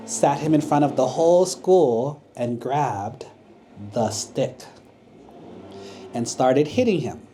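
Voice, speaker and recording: A monk gently telling a story to children at a temple, often checking in with them. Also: male voice, on the high side, a little hiss or hum. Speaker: Buddhist monk. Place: temple hall.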